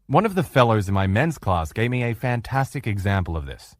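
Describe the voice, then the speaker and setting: A man giving a motivational lecture as a relationship coach, telling stories with emphatic, lively delivery. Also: fairly low pitch, brisk, no echo. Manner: emphatic animated storyteller.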